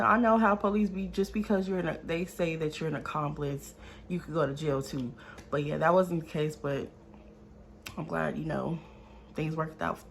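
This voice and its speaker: A woman's voice: medium pitch, slight background noise. Chatty young woman telling a wild storytime. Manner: lively, talks straight to viewers, swears freely. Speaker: vlogger. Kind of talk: casual storytime.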